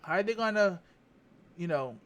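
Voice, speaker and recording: A man's voice: high voice, lively intonation, moderate pace, a bit bright, highs cut off. A man giving candid political commentary to camera, rambling, repeating phrases and stopping to check his facts. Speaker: vlogger.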